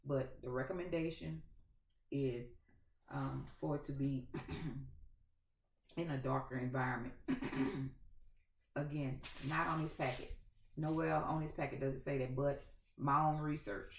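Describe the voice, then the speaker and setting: A woman with a thick Louisiana accent chats to her viewers in a folksy way, calling them y'all. Her voice is gravelly and her throat sounds dry and scratchy. The recording has the echo of a reverberant room. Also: extremely low pitch, steady tone, unhurried, long pauses. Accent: Louisiana Southern. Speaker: gardening channel host. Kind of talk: casual chat to camera. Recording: echoey room.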